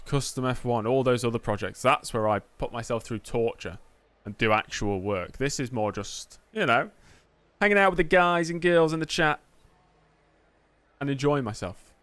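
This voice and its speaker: A man's voice: mid-range voice, fairly bright tone, no room sound. Chatty man streaming a racing game. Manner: chatty, joking, answers chat messages. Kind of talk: live gameplay commentary.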